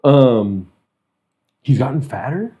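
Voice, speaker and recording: A man's voice: mid-range voice, lively intonation, slow, lo-fi sound. A young man hosting a podcast, chatting casually, joking, laughing a lot and swearing freely. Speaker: podcast host. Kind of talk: casual chat.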